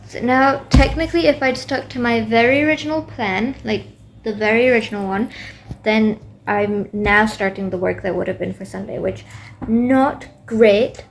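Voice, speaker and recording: A young woman talks through her study plans in a loose, rambling video diary, full of ums and restarts. Her voice sits a little high and often crackles into fry, with a faint hum underneath. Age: young adult. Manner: rambling, self-talking with many fillers. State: tired late at night. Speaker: student vlogger.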